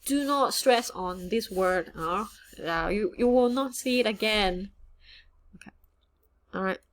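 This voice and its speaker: A woman teaching a casual online language lesson, chatty and relaxed, mixing English and with frequent fillers. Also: mid-range voice, a little slow. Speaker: Cantonese teacher.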